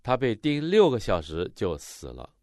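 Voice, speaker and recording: A man interpreting a sermon line by line, expressive and rising on the quoted cries. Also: fairly low pitch, normal speed, dry recording, studio quality.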